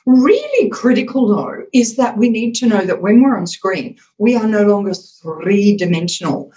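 A woman with a mid-range, sing-song voice speaks at a normal speed with a mellow tone, though the recording is rough. She's a communications expert in a podcast interview, explaining things emphatically and acting out voice examples as she goes.

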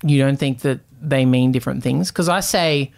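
A man's voice: mid-range voice, normal speed, creaky. A man in his thirties co-hosting a comedy podcast, insistent and exasperated in an improvised bit. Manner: insistent, exasperated, pushing the point.

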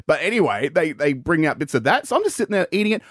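A man's voice: a little high, fast talker, dry recording, studio quality. A man co-hosting a radio show, telling a story casually and acting out the quotes. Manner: animated storyteller, acts out quotes. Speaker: radio co-host. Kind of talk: casual chat.

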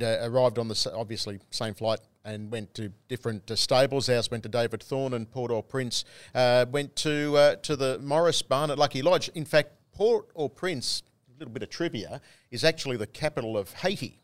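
A man's voice: medium pitch, normal speed, no room sound. A man co-hosting a racing podcast talks fluently about horses and form with dry humour, in a middling voice. The sound is close and dry. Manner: knowledgeable, wry, fluent racing talk. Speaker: race caller and co-host. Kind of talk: casual chat.

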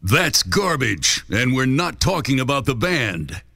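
A man delivering short comedic sound drops in a slow, punchy announcer manner. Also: mid-range voice, very animated, vocal fry, bright, forceful tone. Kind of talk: recorded comedic sound drop.

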